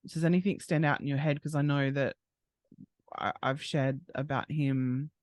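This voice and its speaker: A man hosting a true crime interview, asking questions and reassuring his guest in a gentle way. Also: on the high side, fairly even intonation, normal speed, no echo.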